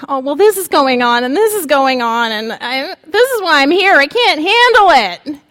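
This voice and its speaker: A woman's voice: high voice, very animated, normal speed, a bit bright. A woman putting on the voice of a weary, downcast male prophet, speaking in a whiny, complaining way.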